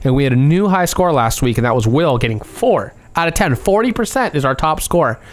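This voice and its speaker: A man's voice: a little high, sing-song, fairly quick. A young man hosts a casual podcast, with an easygoing, laid-back way of talking. He laughs easily and chats loosely between topics. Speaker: podcast host. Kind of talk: casual chat.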